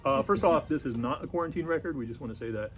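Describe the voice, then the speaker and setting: A man's voice: medium pitch, expressive, fast talker, a little hiss or hum. A young man co-hosting a casual record-store rundown of new vinyl releases, joking and slipping into mock accents now and then. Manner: jokey, slips into mock accents.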